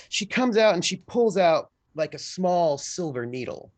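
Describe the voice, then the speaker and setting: A man narrating scenes as game master of a tabletop role-playing game, unhurried and descriptive. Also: high voice, animated.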